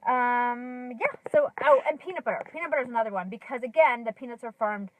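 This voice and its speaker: A woman's voice: a little high, fast talker, slight background noise, poor audio. A woman in her thirties talking casually to camera from her car, chatty with many ums and likes, a little out of breath. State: slightly out of breath. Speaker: lifestyle vlogger.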